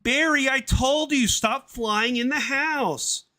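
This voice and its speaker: A man voicing a fussy middle-aged mother bee in a high falsetto, nagging, reading a script aloud on a livestream. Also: slow, sharp tone, full character voice.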